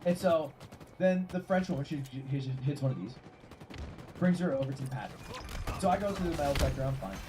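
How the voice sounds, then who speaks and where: Animated, swearing man telling a story. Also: on the high side, brisk, long pauses, background noise. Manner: animated and profane. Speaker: streamer. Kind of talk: casual storytelling.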